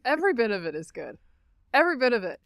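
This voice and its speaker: A woman co-hosting a podcast in casual chat, giving quick, opinionated takes on commercials and politics. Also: on the high side, big pitch swings, gravelly, a bit bright, dry recording, clean studio sound. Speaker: podcast co-host.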